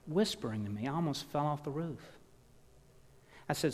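A man delivering a sermon, telling stories and swinging from loud emphasis down to hushed words. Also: a little high, expressive, normal speed, pauses often. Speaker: pastor. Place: church. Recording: long reverb of a church hall.

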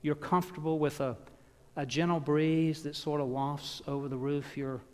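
A man's voice: fairly high pitch, flat delivery, normal speed, smooth. Man preaching in a reverberant church. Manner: storytelling, swings from loud emphasis to hushed. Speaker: pastor. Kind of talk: sermon. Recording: long reverb of a church hall.

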